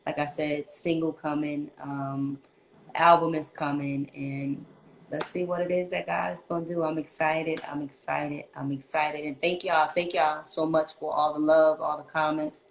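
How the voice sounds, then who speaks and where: A woman guest talking casually in an interview, animated and slangy, often repeating herself. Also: low-pitched, moderate pace. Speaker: guest singer. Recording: echoey room with faint ambience.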